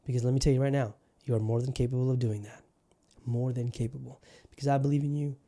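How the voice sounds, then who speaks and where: A man hosts his own podcast in a put-on Southern US accent, rambling in a profane, fired-up solo monologue. His mid-range voice is dark in tone, moves at a quick pace, and keeps a fairly even intonation.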